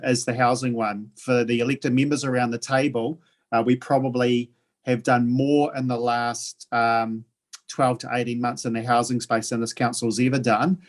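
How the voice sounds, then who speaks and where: New Zealand man chairing a council meeting. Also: mid-range voice. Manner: halting, many fillers and restarts.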